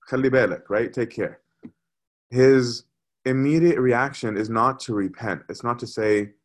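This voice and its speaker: A man preaches a sermon in a relaxed, conversational way. His voice sits at an ordinary pitch, and he keeps checking in with his listeners. He speaks with lively emphasis. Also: normal speed. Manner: conversational, animated, often asks "right?".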